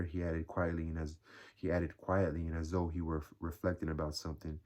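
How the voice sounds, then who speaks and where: A man reading a classic novel aloud as narrator, steady and measured. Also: deep voice. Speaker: audiobook reader.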